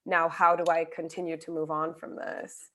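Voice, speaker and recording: A woman's voice: low-pitched, little pitch movement, normal speed, fairly bright tone. A woman talking candidly about her own grief, speaking earnestly with casual fillers in a conversation over a video call. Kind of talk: personal reflective conversation.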